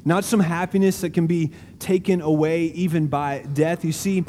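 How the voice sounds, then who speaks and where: A man preaching a sermon in a large auditorium, slow and deliberate with emphatic stresses and dramatic pauses. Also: on the high side, fairly even intonation, mellow, in a large hall, slight background noise. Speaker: pastor.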